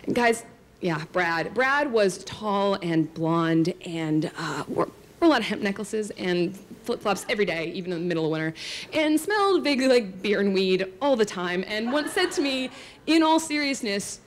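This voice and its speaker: A woman's voice: mid-range voice, lively intonation, normal speed, a little hiss or hum. A woman telling a true story on stage to an audience, chatty and self-mocking, full of likes and asides to the crowd.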